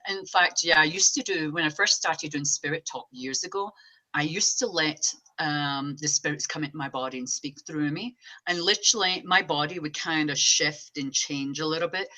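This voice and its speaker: Chatty bright-voiced woman medium. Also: low voice. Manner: chatty, animated storytelling. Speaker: psychic medium guest. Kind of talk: casual interview chat.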